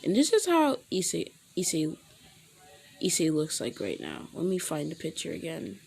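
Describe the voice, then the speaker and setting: A woman's voice: sits low, huge pitch swings, normal speed, gravelly, a little mellow, faint music behind. A woman casually improvising a story, rambling and correcting herself as she goes.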